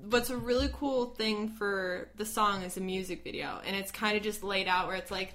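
Bright-voiced Midwestern young woman chatting. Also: medium pitch, fairly even intonation, moderate pace, few pauses. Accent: Midwestern American. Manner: chatty, laughs often, lots of "like". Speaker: podcast co-host. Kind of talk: casual chat.

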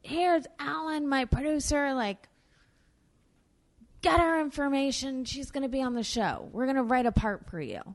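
A woman voicing a blunt, loud female sitcom star who yells and swears across a film set. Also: high-pitched, expressive, moderate pace, pitched above the performer's own voice. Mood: brisk. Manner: shouting, profane, blunt.

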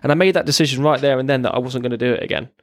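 A man's voice: medium pitch, rapid-fire, no echo, clean studio sound. A man, a military veteran, giving a raw, blunt personal account as a podcast guest, swearing freely and often restarting his sentences.

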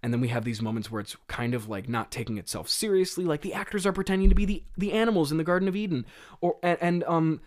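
A man's voice: a little high, fast talker, darkish tone. A man hosting a podcast, talking in a rambling, laughing way full of fillers. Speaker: podcast host. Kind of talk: casual comedic commentary.

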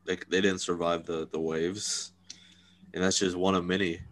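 A man's voice: sits low, level tone, moderate pace. A man co-hosting a podcast in casual chat, laid-back and agreeable. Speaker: podcast co-host.

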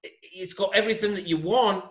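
A man's voice: high-pitched, fairly quick, fairly bright tone, lo-fi sound. A Scottish man co-hosting a podcast, chatting casually in a blunt, teasing, jokey way. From Scotland. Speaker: podcast co-host. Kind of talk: casual chat.

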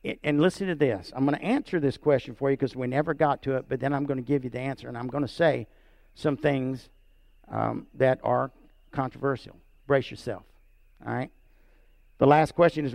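A middle-aged man preaching a sermon as pastor, telling a family story and checking in with "right?" and "amen?", rising high and loud to stress points and dropping soft for quiet lines. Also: steady tone, brisk, vocal fry, dry recording. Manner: storytelling, repeats words, asks "right?" and "amen?" of the congregation.

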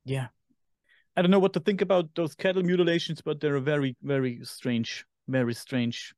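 German-accented man, slightly high and dry. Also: fairly even intonation, a little mellow, no echo. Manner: halting, searches for English words. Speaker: podcast co-host. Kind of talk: casual chat.

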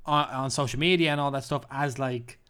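A man's voice: medium pitch, a little fast, a bit bright, clean tone. A man co-hosting a casual podcast, rambling and joking as he reads out lists with playful emphasis. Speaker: podcast co-host. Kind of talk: casual chat.

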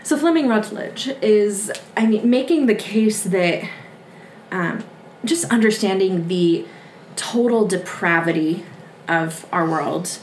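A woman's voice: mid-range voice, takes it slowly, a little hiss or hum. A woman co-hosting a casual faith podcast, often agreeing with short affirmations and then sharing her own thoughts. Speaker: podcast co-host. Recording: echoey, a little distant from the mic.

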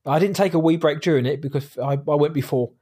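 A British man co-hosting a casual podcast chat, rambling and quick to laugh. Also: fairly high pitch, mellow, slightly rough. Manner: rambling, chatty, laughs easily. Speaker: podcast co-host.

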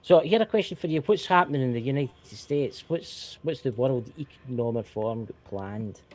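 A Scottish man co-hosting a casual podcast chat, animated and swearing, repeating himself when worked up. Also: medium pitch, moderate pace. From Scotland. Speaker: co-host.

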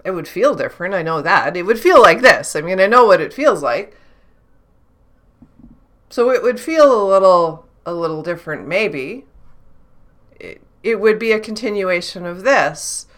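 A woman's voice: lowish voice, lively intonation, measured pace, long pauses. A woman who works as an intuitive channeler, thinking aloud in a reflective solo talk, questioning herself and restarting her sentences often.

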